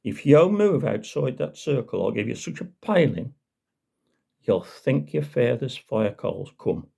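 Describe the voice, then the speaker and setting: A man voicing a bullying petty village constable in a Black Country accent, raising his voice high and loud. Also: sing-song, unhurried, gravelly, breathy edge, heavily acted. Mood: threatening.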